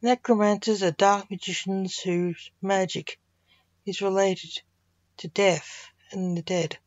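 A woman's voice: mid-range voice, fairly even intonation, slow, no room sound, muffled recording, natural voice. A woman voicing Senior, a stern older male grim reaper and grandfather, in a curt, snappish tone.

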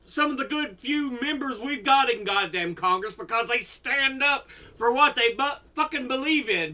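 An older man giving an angry political rant, heavily profane and bursting into shouts. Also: very high voice, lively intonation, normal speed, hardly any pauses. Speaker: YouTuber.

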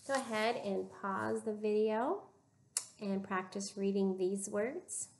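A woman teaching a recorded phonics lesson to young children, giving slow, clear prompts with pauses for them to answer. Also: medium pitch, a little mellow, slight background noise. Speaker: reading teacher.

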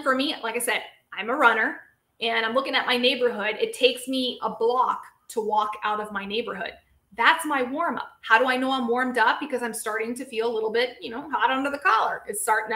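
A lively, chatty woman hosts a casual live-stream question session, speaking as a physical therapist. Her voice sits a little high, and she keeps turning to her viewers as she talks. The sound carries a noticeable echo of the room around her. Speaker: physical therapist and show host.

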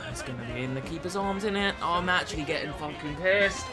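A young man giving football video game commentary, swearing often and shouting at the game. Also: a little high, brisk, over music. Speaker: gaming YouTuber.

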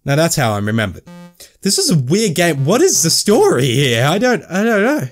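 A young man plays through a story game and reads its inner monologue aloud in choppy, broken sentences. His voice is lively and fairly high, and it swoops around as he jokes and swears casually between lines. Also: moderate pace, soft background music. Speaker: gamer playing and reading a game. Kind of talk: let's play commentary.

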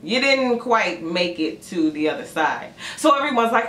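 A woman doing a casual tarot reading for her channel, chatty and animated as she tells a story. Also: high voice, moderate pace. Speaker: tarot reader. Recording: echoey room with faint noise.

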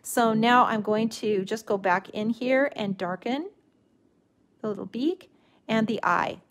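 A middle-aged woman demonstrates a watercolor stamping technique live, her voice on the high side at a measured pace. She's relaxed and gently instructive, often restarting her sentences.

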